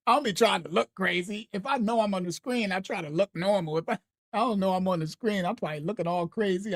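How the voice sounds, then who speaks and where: A woman's voice: mid-range voice, dry recording. A woman leads a ministry lesson on a late-night live stream in an easy, conversational way. Her voice sits in the middle of the range and sounds dry and close. She speaks straight to her viewers, laughs often and circles back over the same points. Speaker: ministry teacher. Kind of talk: casual live-stream teaching.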